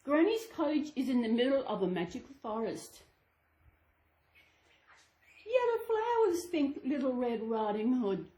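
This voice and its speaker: A woman's voice: fairly high pitch, normal speed, hardly any pauses, mellow. A woman channel host reading a children's storybook aloud to her dolls, sing-song with chatty asides. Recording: echoey room.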